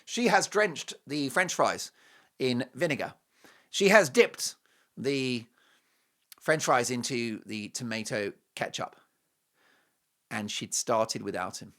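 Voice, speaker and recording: Animated English man telling a story. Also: medium pitch, slow, long pauses. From England. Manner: animated and playful, with mocking asides and quoted voices. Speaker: show host. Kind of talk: storytelling commentary to camera.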